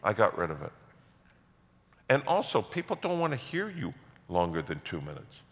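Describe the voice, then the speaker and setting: Animated pastor preaching in a reverberant hall. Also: male voice, lowish voice, moderate pace. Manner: animated storytelling with self-mocking humor. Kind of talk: sermon. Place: large church hall.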